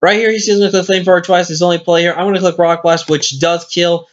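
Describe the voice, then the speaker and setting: He talks fast in a high voice with fairly even intonation, rambling over a game replay and correcting himself. The commentator is tired and hiccuping, and the audio comes from a lo-fi screen-capture mic.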